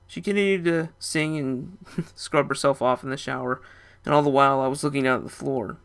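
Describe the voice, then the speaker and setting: A man's voice: medium pitch, fairly even intonation, brisk, creaky, fairly bright tone. A young man narrating a first-person story in a casual, rambling way.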